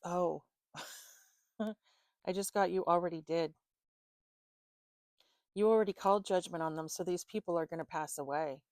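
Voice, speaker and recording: Woman, tarot reader, casual and rambling, slightly low voice, dry close sound. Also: measured pace, pauses often, darkish tone, dry recording. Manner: chatty, loose, with fillers and swearing. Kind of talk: casual tarot reading to camera.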